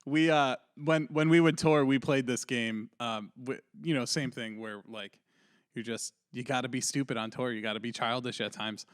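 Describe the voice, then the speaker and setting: A man hosting a casual podcast chat, laid-back and quick to laugh. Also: mid-range voice, fairly even intonation, smooth, dry recording, studio quality. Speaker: podcast host.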